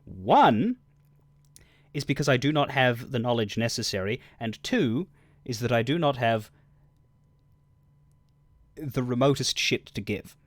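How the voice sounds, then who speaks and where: A man's voice: medium pitch, lively intonation, unhurried, long pauses, dry recording. A man streaming a game, chatting casually in a rambling, wry and crude way. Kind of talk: casual livestream commentary.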